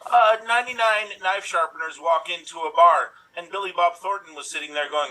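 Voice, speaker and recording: A man performing in an improv show, telling pun jokes quickly and punchily. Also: fairly high pitch, sharp tone. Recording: distant mic with faint noise.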